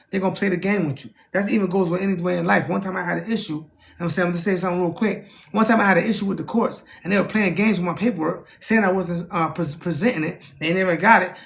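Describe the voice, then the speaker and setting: A man talking casually to his livestream chat, animated, often asking "you know what I'm saying" and jumping up in pitch when he acts out conversations. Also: gravelly. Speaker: streamer.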